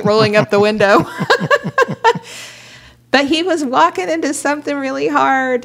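A woman talks about faith in a lively, storytelling way, her pitch sitting in an ordinary middle range. She tells her stories with energy and laughter. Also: normal speed. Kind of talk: faith-based conversation.

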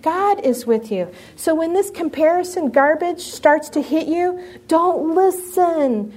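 A middle-aged woman preaching to a live audience, telling a personal story and asking the room questions in an animated way. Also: sits high, normal speed, few pauses.

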